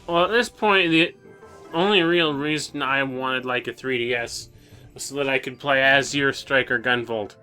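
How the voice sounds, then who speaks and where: A man's voice: mid-range voice, moderate pace, pushed and bright, clear, resonant tone, soft background music. A young man co-hosting a video game let's play, chatting casually and sounding tired, with stammered restarts. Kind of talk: casual gameplay chat.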